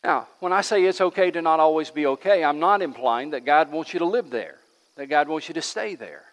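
Male pastor, higher voice, dynamic sermon delivery that swings loud and soft, long hall reverb. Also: expressive, a little fast. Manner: preaching, swinging between loud emphatic lines and hushed ones. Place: church.

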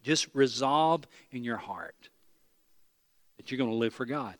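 A pastor, from East Tennessee, preaching a sermon with animated storytelling, self-deprecating humor and emphatic repetition. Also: male voice, medium pitch, moderate pace, long pauses, no echo, studio quality.

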